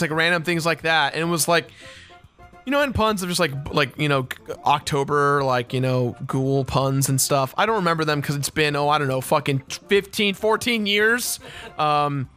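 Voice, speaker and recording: A man's voice: fairly high pitch, sharp tone, smooth. A man in his twenties, a let's play host, casually telling a story with lots of laughing and swearing. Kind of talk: casual storytelling over gameplay.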